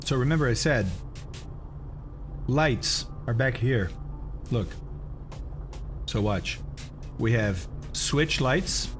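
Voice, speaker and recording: A man live-streaming a flight simulator, chatting casually with viewers and explaining instrument approaches while eating, often clearing his throat. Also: medium pitch, animated, takes it slowly, long pauses, faint music behind. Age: adult, has kids.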